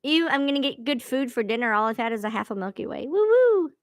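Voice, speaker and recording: A woman's voice: on the high side, quick pace, dry recording, clean studio sound. A woman chatting casually on a live stream from home, swearing freely and laughing at herself. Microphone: own streaming mic sounding odd.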